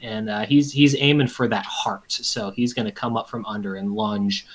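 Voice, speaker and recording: A man describing his character's attack as a player in a tabletop game, deliberate and full of ums. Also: lowish voice, steady tone.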